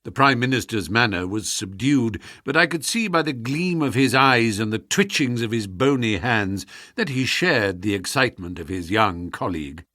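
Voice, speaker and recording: A man narrating an audiobook in an expressive way. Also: medium pitch, normal speed, hardly any pauses, dry recording, studio quality. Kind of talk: scripted narration.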